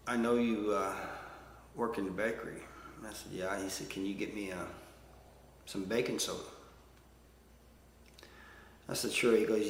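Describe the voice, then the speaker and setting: Rambling low-voiced man, echoey room. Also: steady tone, normal speed, long pauses, slight background noise. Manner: rambling, plain-spoken with many "you know" fillers; folksy, self-deprecating. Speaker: storyteller. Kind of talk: casual storytelling.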